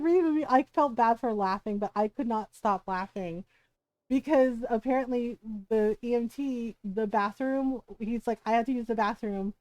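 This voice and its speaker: A woman streamer chatting casually while gaming. She tells an animated story full of "like" and acted-out quotes. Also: a little high, dry recording.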